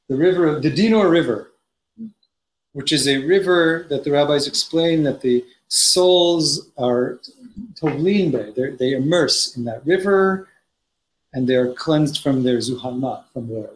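A man teaching a Torah study class, reading Hebrew passages aloud and explaining them in English with frequent restarts. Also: on the high side. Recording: roomy echo, faint noise.

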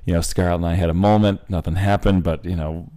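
Podcast co-host, man, very low voice, blunt, profane, playful storyteller. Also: fairly even intonation, quick pace, mellow. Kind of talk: casual chat.

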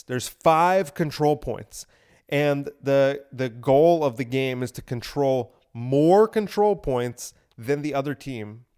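A man's voice: medium pitch, a little mellow, clear, resonant tone. A young man hosting a podcast, telling a rambling comedic story, repeating himself and laughing at his own bit. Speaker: podcast host. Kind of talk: casual comedic monologue.

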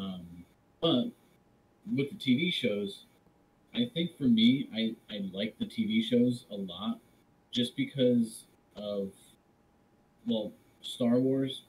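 A man with a fairly low voice co-hosting a casual podcast chat. He talks hesitantly, with frequent fillers and restarts. A faint hum of noise sits under his voice. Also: a little mellow, poor audio. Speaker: podcast co-host.

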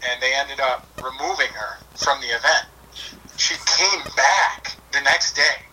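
Bright-voiced man telling a story from afar. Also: mid-range voice, a little slow, far from the mic, slight background noise, poor audio. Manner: animated, chatty, full of "like" and "I was like". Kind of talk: casual storytelling.

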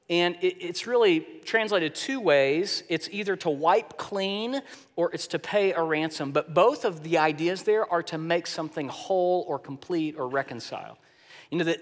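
A male pastor preaching a sermon, telling scripture stories with animated swings in pitch and loudness. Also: big-room sound.

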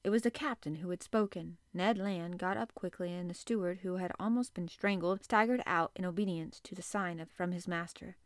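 A woman's voice: lowish voice, fairly quick, few pauses, no echo, studio quality. Woman reading a classic novel aloud. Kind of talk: audiobook-style reading aloud.

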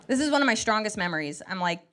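A woman, performing a lively stand-up comedy set on a club stage with a handheld mic. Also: medium pitch, crowd noise, noisy background. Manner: animated, jumps into quoted voices, quick asides.

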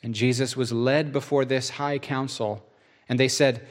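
A man preaching, reading scripture aloud as an expressive storyteller with casual asides. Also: mid-range voice, unhurried. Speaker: pastor.

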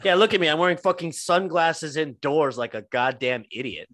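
A man's voice: on the high side, steady tone, moderate pace, a bit bright, no room sound, clean studio sound. Laid-back, rambling podcast co-host man. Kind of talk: casual chat.

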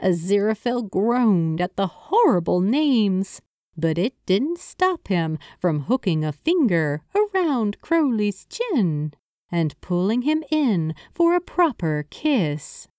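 A woman reading a story aloud at an unhurried pace, her pitch rising and falling freely. The sound is dry and close, with no room around it. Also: very animated, dark tone, dry recording. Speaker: narrator. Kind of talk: audiobook narration of fan fiction.

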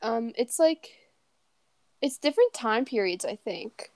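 A teenage girl co-hosting a casual chat podcast, giggly and quick to apologize. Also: fairly high pitch, lively intonation, a little mellow, dry recording. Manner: giggly, lots of laughing and apologizing. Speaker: podcast co-host.

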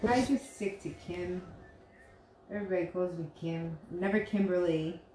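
A woman's voice: on the low side, normal speed, dark tone. Woman chatting on a podcast, blunt, kinda roomy echo, faint hiss. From Italian family. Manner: blunt, casual, swearing. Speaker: podcast co-host. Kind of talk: casual chat.

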